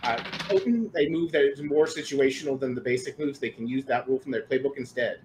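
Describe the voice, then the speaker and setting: A man's voice: mid-range voice, a little fast, darkish tone, a little hiss or hum, poor audio. A man running a tabletop game as game master, explaining the rules casually.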